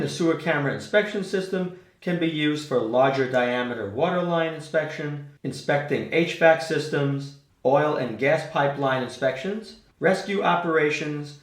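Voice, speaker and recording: Methodical man reviewing gear, roomy sound. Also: fairly high pitch. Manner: methodical, detail-focused explaining. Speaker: product reviewer. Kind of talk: product review. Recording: roomy echo.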